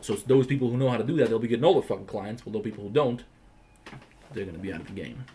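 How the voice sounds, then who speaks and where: A Balkan man hosting a casual livestream fires off quick, blunt answers full of swearing, talking fast and pushing his opinions with heavy emphasis. His voice is lowish and warm, with slight background noise.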